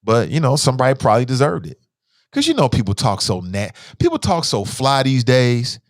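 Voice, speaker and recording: Very animated and brisk, a man with a mid-range voice runs a call-in talk show, captured as a dry, clean studio recording. He's a parent sharing opinionated commentary bluntly, with slang and cursing, and he reads messages from listeners.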